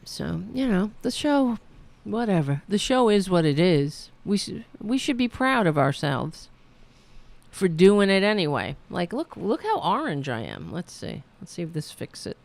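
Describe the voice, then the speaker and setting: A woman's voice: lowish voice, very animated, moderate pace, vocal fry, darkish tone. A woman hosting a political livestream, rambling casually with many fillers while losing her voice. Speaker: host of a political livestream show.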